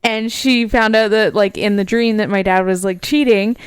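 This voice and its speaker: A woman's voice: mid-range voice, fairly even intonation, normal speed, clean tone. A woman co-hosting a podcast in casual chat, a chatty storyteller who laughs often and fills with "like". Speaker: podcast co-host. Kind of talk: casual chat recapping a TV show.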